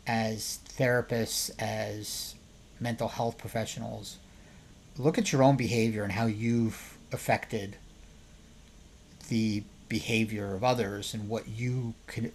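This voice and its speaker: Husky-voiced man, emphatic podcast commentary. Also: medium pitch. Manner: conversational, often asking the listener rhetorical questions; gets louder and more emphatic when making a point. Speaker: therapist and podcast host.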